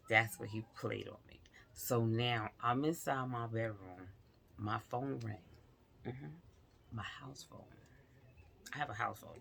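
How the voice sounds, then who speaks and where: A woman vlogger telling a personal story in a casual, animated way, talking straight to her viewers and slipping into whispered asides. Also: rumbling low, gravelly, slight background noise.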